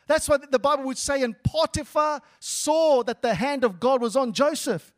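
A man's voice: extremely high pitch, expressive, moderate pace, hardly any pauses. A male pastor preaching a sermon, repeating words and calling for responses from the church.

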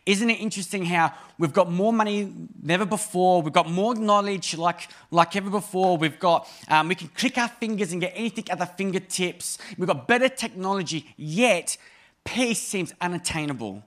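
A man in his thirties delivering a sermon with a high, light voice. His manner is chatty and funny, swinging between emphatic bursts and hushed asides. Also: moderate pace. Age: 30s. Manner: conversational and humorous, with sudden emphatic rises and soft drops. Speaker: preacher.

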